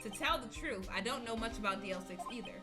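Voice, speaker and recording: A woman's voice: fairly high pitch, lively intonation, fast talker, lightly acted. A woman reading out a friendly male police detective's lines over game music. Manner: reading in-game dialogue aloud, lightly voiced.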